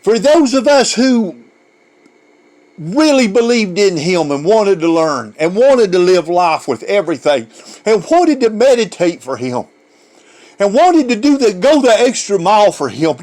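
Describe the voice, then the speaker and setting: A man's voice: high voice, very animated, moderate pace, darkish tone. A man preaching an emotional sermon, fervent and given to repeating words as he pushes on.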